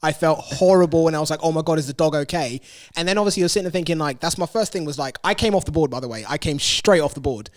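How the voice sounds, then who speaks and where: A man's voice: fairly high pitch, fast talker, dry recording, studio quality. A young man hosting a casual podcast, telling a story animatedly and laughing often. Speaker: podcast host.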